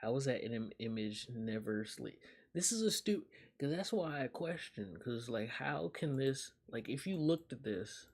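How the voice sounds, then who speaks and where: This young man's voice sits at a medium pitch, and his intonation is lively at an ordinary speed. He's live-streaming, bantering with viewers and reacting with plenty of laughter and profanity.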